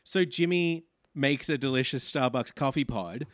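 A man's voice: medium pitch, normal speed, no room sound, clean studio sound. A man co-hosting a podcast, chatting casually and jokily about a reality show, laughing a lot. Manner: animated, jokey, laughs a lot. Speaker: podcast co-host. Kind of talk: casual recap chat.

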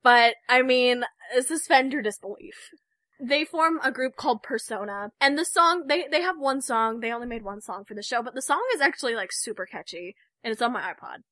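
A woman's voice: a little high, a little fast, bright, forceful tone, no echo. A young woman co-hosting a podcast, chatting casually, laughing and retelling stories with animation. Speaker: podcast co-host.

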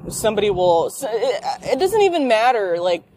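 A woman's voice: mid-range voice, very animated, moderate pace, a little mellow. Profane woman ranting while driving. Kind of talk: rambling monologue while driving. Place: car.

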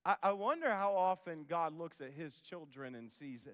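A man's voice: on the high side, animated, moderate pace, a bit bright, in a large hall. A man preaching a sermon as pastor, emphatic, repeating key phrases and acting out the voices of people he quotes. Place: church auditorium.

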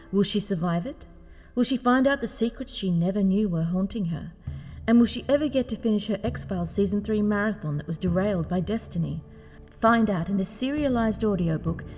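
A woman reading an audiobook in an expressive, dramatic narration style. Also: medium pitch. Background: faint music.

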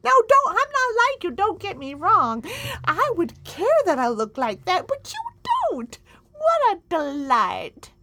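A woman's voice: very high-pitched, big pitch swings, dark tone, pitched above the performer's own voice, heavily acted. A woman doing a gushing old granny Nana. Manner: slow, sing-song, gushing. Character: fussy old grandmother in a shawl, doting and sly.

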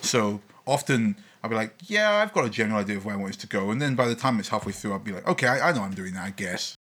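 A man chatting casually on a podcast, quick and emphatic, teasing his fellow players. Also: fairly low pitch, lively intonation, fairly bright tone, slightly rough. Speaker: podcast regular and game master. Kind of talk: casual chat.

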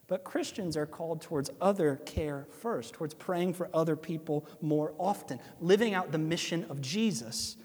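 A man with an Ohio accent, preaching a sermon as pastor, animated and conversational with asides to listeners. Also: on the high side, normal speed, hardly any pauses, husky. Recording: long hall reverb.

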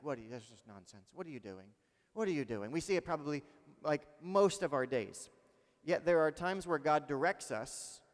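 Animated preacher man in a reverberant hall. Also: a little high. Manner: animated, conversational preaching with rhetorical questions. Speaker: pastor. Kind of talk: sermon.

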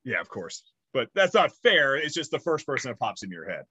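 A man's voice: mid-range voice, fairly quick, husky, no echo, dull audio. A man in his thirties co-hosting a podcast, telling rambling stories with lots of swearing in casual chat. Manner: rambling, animated storytelling with swearing. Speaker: podcast co-host.

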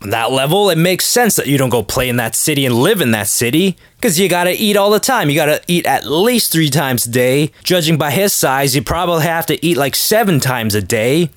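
A man's voice: on the high side, expressive, a little fast, hardly any pauses, no echo, studio quality. Joking man rambling on a podcast. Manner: rambling, joking, acts out quotes in voices. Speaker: podcast host. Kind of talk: casual comedic monologue.

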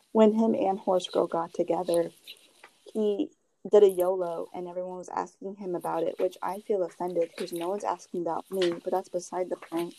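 A young woman chatting casually with a friend, telling gossipy stories about her boyfriend in an animated way. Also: lowish voice, moderate pace, slight background noise, poor audio. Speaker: co-host. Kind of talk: casual chat.

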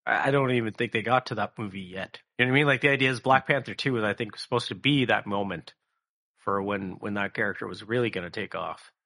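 A man's voice: fairly low pitch, fast talker, creaky, sharp tone. A man co-hosting a casual podcast, rambling and swearing with lots of fillers. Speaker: podcast co-host.

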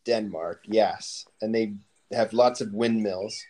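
A man's voice: on the low side, a little mellow. A man co-hosting a podcast, bantering casually and tossing out silly jokes and asides. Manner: jokey, quick with silly asides. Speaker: podcast co-host.

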